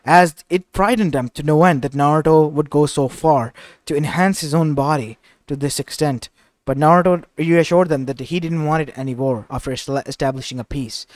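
A man's voice: on the high side, no echo. A man narrating a fan-fiction story in a casual, rambling way, often restarting his sentences.

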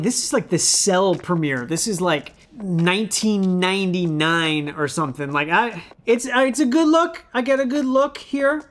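A man's voice: sits high, moderate pace, few pauses, fairly bright tone. A man in his thirties, a former child actor, reviewing his old outfits in a playful, self-mocking casual vlog.

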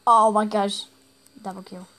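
A woman's voice: mid-range voice, level tone, measured pace, fairly bright tone. A woman giving casual commentary over her own gameplay, with frustrated exclamations as she plays. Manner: exasperated exclamations while playing. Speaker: gaming video creator.

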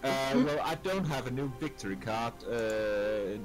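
A man's voice: medium pitch, expressive, a little slow, music in the background. A man playing in a casual voice chat, easygoing and hesitant, with many fillers. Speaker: player.

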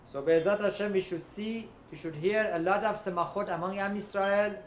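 A man's voice: high voice, fairly even intonation, moderate pace, roomy sound, a little hiss or hum. A man teaching as a rabbi in a lecture, explaining step by step, mixing in Hebrew terms and often checking in with "right?". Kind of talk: Torah lecture.

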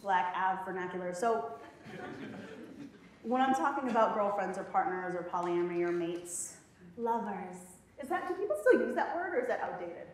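A woman's voice: mid-range voice, lively intonation, normal speed, a little hiss or hum. A woman poet performing spoken word in a college hall, with rhythmic, dramatic delivery and playful laughing asides to the audience. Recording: very echoey hall.

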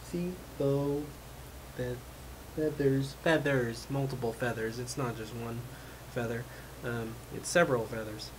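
Slow, rambling frustrated man. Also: mid-range voice. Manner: frustrated, rambling, many fillers. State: losing his voice. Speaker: vlogger. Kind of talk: casual rambling vlog. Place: home room with his cat. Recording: noisy home recording.

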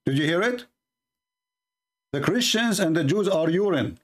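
This man's voice sits high and sounds animated, at a measured pace. He hosts religious commentary on video clips live, indignantly stressing points through emphatic repetition.

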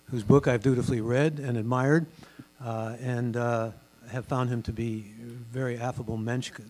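An older man with a booming broadcaster voice, giving a genial, chatty talk as a guest speaker in a large synagogue hall, with many fillers. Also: steady tone, moderate pace, darkish tone. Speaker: guest speaker and radio host. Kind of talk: relaxed storytelling talk at a public event. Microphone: stage microphone.

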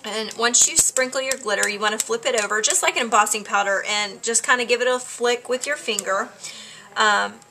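A woman chatting her way through a craft tutorial at home, relaxed, with lots of ums. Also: fairly high pitch, fairly quick, a little hiss or hum. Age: adult with a child.

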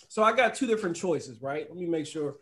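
In a high, bright voice, a middle-aged host from the United States leads a casual livestream chat. Laughter comes often, and he reads viewers' comments aloud as he goes.

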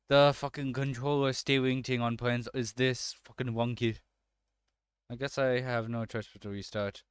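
A man's voice: medium pitch, a bit bright, clear, resonant tone, no echo, clean studio sound. A man doing let's-play commentary, swearing and breaking into frustrated outbursts at the game.

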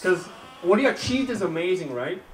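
A man's voice: high-pitched, big pitch swings. Brief: male comic, conversational, heard from a distance in a live room. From Austria. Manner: conversational, chats with audience, halting restarts. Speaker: stand-up comedian. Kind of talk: live stand-up set. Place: comedy club stage, live audience. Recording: roomy club, distant mic, crowd noise.

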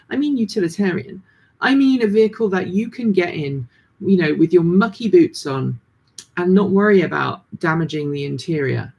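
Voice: medium pitch, creaky, slightly rough. A person in their thirties with a British accent that drifts toward American, hosting a casual livestream chat with lots of ums and restarts. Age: 30s. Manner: rambling, many ums and restarts. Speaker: livestream host.

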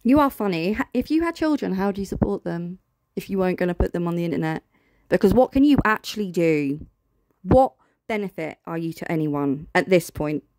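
A woman's voice: lowish voice, expressive, a little fast, a little mellow, no echo. A British woman giving blunt, sarcastic reaction commentary as host.

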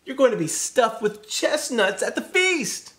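A man's voice: very high-pitched, very animated, unhurried, a bit bright, pitched above the performer's own voice, heavily acted. A man voicing a kind, clever female hen hairdresser in a read-aloud picture book. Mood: urgent.

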